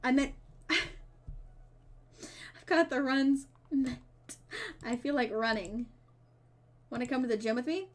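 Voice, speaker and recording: A woman streamer reading a dating game's dialogue aloud, with playful asides and quick self-corrections. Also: sits high. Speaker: streamer playing a dating sim. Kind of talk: reading game text aloud with casual commentary.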